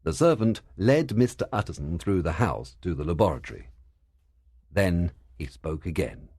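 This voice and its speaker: A man narrating a story for English learners in a clear, measured reading style. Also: deep voice, big pitch swings, darkish tone, no echo, clean studio sound.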